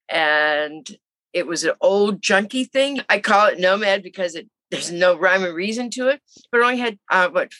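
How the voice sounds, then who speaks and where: An older woman in her seventies recounts her life in an animated, chatty way, slipping into the voices of people she quotes. Her voice is bright and forceful, recorded dry and close. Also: on the low side, dry recording. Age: 70s. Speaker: interview guest. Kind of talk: casual storytelling.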